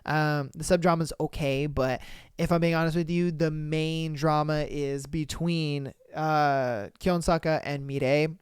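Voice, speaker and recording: A man's voice: a little high, fairly even intonation, a little slow, clean tone, no room sound, clean studio sound. A man hosting a podcast, recapping a drama in a rambling, slangy, casual way. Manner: rambling, full of fillers and slang. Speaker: podcast host.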